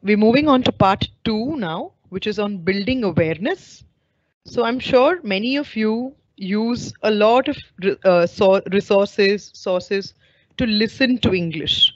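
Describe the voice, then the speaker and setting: A woman teacher trainer giving an online webinar lecture, explaining clearly and putting questions to her audience over a video call. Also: medium pitch, unhurried, dry recording. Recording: dull lo-fi online call audio.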